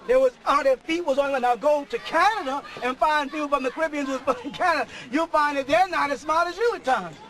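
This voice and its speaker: A middle-aged man preaching a sermon to a live audience, often shouting and laughing. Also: very high-pitched, fairly quick, few pauses, poor audio.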